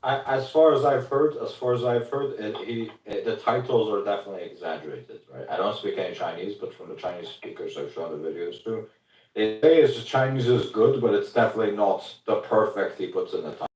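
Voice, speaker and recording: A man's voice: fairly low pitch, brisk, a little mellow. A man talking wryly and emphatically in a casual podcast chat, often repeating himself. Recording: roomy sound from a distance.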